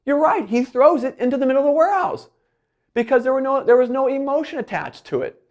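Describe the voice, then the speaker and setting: A man giving a motivational keynote talk, animated, often acting out quoted voices and his own self-talk. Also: very high voice, fast talker, highs cut off. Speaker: keynote speaker.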